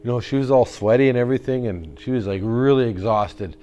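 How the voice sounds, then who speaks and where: A man storyteller telling a traditional tale to children, animated, with sound effects and call-and-response teaching words. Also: mid-range voice, brisk, lo-fi sound, slight background noise.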